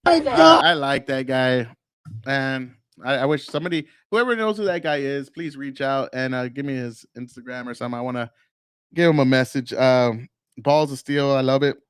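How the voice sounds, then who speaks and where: A man's voice: medium pitch, lively intonation, moderate pace, clean tone, no room sound. American male stream host; blunt, swears freely, mid-range voice, dry booth sound. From United States. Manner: blunt and profane, laughs often. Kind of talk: political commentary on a live stream.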